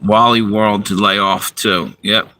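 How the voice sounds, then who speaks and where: A man's voice: on the low side, steady tone, unhurried, bright, forceful tone, a little hiss or hum, rough recording. A man hosting a livestream and ranting angrily and profanely to his viewers while reading the chat. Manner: profane, heated, talks to viewers.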